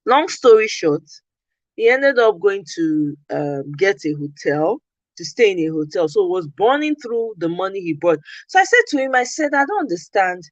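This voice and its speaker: A Nigerian woman hosting a podcast tells an animated story during a casual chat, acting out her own quoted replies. Her voice is mid-range at a moderate pace, and the recording is muffled with no room sound.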